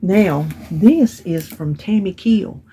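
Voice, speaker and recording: A woman talks slowly in a mellow mid-range voice, with a little hiss or hum present. The vlogger chats casually at home about items she bought and received in the mail, telling stories as she goes, her grammar Southern-style.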